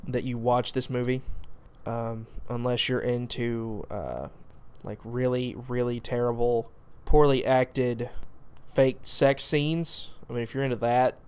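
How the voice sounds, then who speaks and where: A man's voice: mid-range voice, slow, darkish tone, clean tone. A young man hosting a movie review show, talking casually in a sarcastic, exasperated rant about a bad film.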